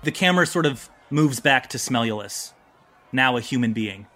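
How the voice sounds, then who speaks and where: A man narrating as game master in a tabletop game, who gives playful, quick asides. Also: medium pitch, lively intonation, bright, forceful tone.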